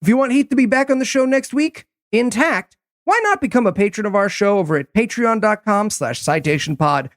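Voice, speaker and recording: A man hosting a comedy podcast, reading gag announcements in a teasing, deadpan way. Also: high-pitched, a little fast, no echo, clean studio sound. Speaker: podcast host.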